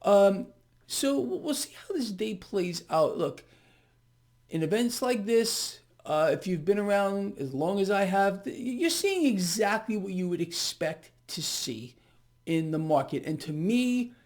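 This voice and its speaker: Man, high voice, sarcastic market commentary, filler-heavy, emphatic. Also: very animated, unhurried, darkish tone. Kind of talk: direct-to-camera market commentary.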